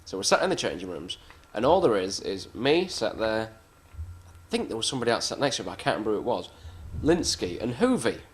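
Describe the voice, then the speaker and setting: Low-voiced man telling backstage stories. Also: big pitch swings, a little fast, few pauses. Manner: blunt, swears freely, self-mocking. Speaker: professional wrestler interviewee. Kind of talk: casual anecdotal storytelling.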